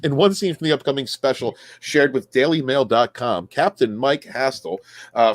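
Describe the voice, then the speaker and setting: A man's voice: mid-range voice, dry recording. A man hosts a chatty podcast, reading news stories aloud to his guests. His voice swings up and down with plenty of life. He trips over words and corrects himself, and the room is dry and close. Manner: reads stories aloud, stumbling and correcting himself, laughing often.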